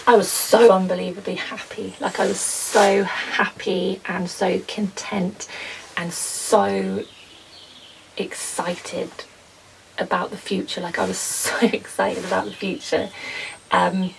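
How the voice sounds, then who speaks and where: A young woman vlogging casually from her garden potting shed, rambling with lots of ums and soft laughs. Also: medium pitch, flat delivery, takes it slowly, creaky, distant mic, a little hiss or hum, rough recording. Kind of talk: casual chat to camera.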